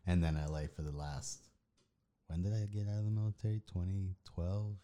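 A man in his thirties co-hosting a casual chat, relaxed, with short replies and easy laughs. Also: low voice, normal speed. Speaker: podcast co-host.

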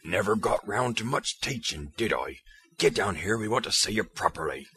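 A man voicing a gruff, grizzled old male auror with a growling, sardonic manner. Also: fairly low pitch, expressive, normal speed, pushed and bright, exaggerated voice.

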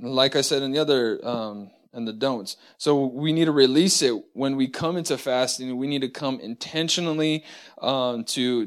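A man leads a church lesson in a voice of ordinary pitch for a man. He speaks haltingly, stopping and restarting often, then slows into a careful, deliberate reading of scripture. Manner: halting, many fillers and restarts. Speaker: church teacher.

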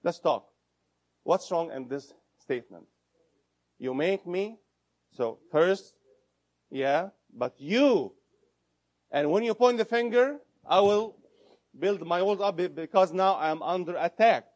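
Slow-paced man quizzing an audience. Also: high voice, animated, a little mellow. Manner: deliberate, repeats points and quizzes the audience. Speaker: instructor. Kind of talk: interactive lecture to an audience.

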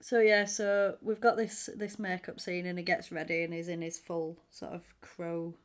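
A woman co-hosting a casual film podcast, chatty and animated, acting out her own reactions as she recaps scenes. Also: lowish voice, moderate pace. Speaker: podcast co-host. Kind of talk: casual film-discussion chat.

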